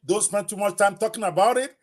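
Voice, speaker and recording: A man hosting a live podcast interview, energetic and joking about his own speech. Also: sits high, brisk. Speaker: podcast host.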